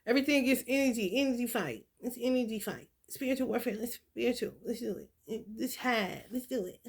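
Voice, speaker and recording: Woman vlogger, gravelly voice, blunt and profane, animated spiritual reading with loud outbursts. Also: on the high side, fairly quick. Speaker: spiritual content creator. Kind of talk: casual spiritual vlog reading.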